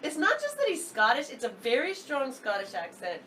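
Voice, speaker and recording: A woman's voice: high-pitched, wildly swooping pitch, a little fast, fairly bright tone. A woman with a slightly raised voice co-hosts a casual podcast, recounting stories with dry humor. She sounds a bit distant from the mic, over a faint background hiss. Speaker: podcast co-host. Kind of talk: casual chat.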